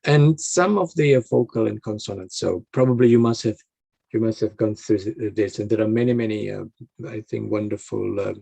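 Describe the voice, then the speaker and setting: A man with a low, gravelly voice explains things conversationally, often stopping and restarting his phrases as he searches for the right words. His tone is dark and a little husky, and the recording is dry and close. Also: dry recording. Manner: explanatory, advice-giving. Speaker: interviewee.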